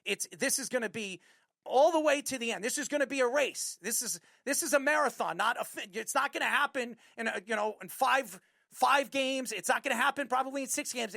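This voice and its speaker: A male sports talk host rants about basketball with a rough, gravelly texture in his voice. He talks with fired-up, repetitive emphasis and often climbs into near-shouts. The sound is dry and close, with no room behind him. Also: very high-pitched, brisk, no room sound. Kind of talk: heated sports commentary rant.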